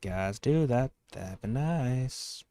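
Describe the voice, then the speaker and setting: A man's voice: mid-range voice, animated, slow, mellow, no room sound, studio quality. A young man hosting a casual podcast, rambling and self-deprecating, with a slight lisp. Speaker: podcast host and streamer.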